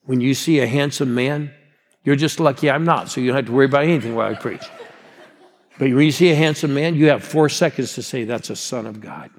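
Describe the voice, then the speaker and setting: A man's voice: mid-range voice, fast. Sixty-something pastor guy, rousing sermon, keeps calling out to the crowd, big echoey hall. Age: 60s. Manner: rousing, calls out to the congregation. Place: large church hall. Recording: long hall reverb.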